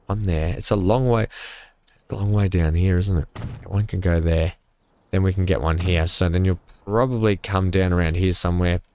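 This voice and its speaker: Rambling low-voiced gamer. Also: male voice. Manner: rambling, joking, thinks out loud. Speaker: gaming channel host. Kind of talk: casual let's-play commentary. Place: home.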